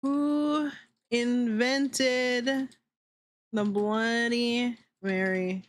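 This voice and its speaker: A woman streamer with a fairly high voice, swearing freely as she rants in casual chat. She talks loosely and laughs easily. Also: fairly even intonation, very slow. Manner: profane, ranting, laughs often. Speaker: VTuber streamer.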